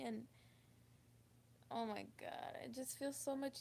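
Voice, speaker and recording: A woman telling a personal story to camera, halting and emotional, with many restarts. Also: high voice, steady tone, gravelly, darkish tone, slight background noise. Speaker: vlogger. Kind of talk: confessional storytime.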